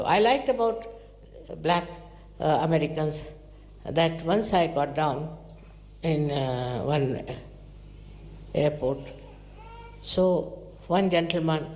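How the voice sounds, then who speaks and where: A woman giving a spiritual talk to followers, telling stories in an animated way, her pitch leaping up and dropping low. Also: takes it slowly, pauses often. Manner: animated storytelling with sudden pitch jumps. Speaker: spiritual teacher. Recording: echoey hall recording.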